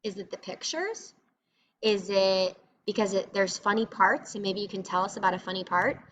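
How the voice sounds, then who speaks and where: A woman with a medium-pitched, fairly bright voice speaks at a normal speed. She's a teacher in a recorded classroom reading lesson, patiently walking through each step with encouragement. The lo-fi recording sounds slightly dull, with faint noise.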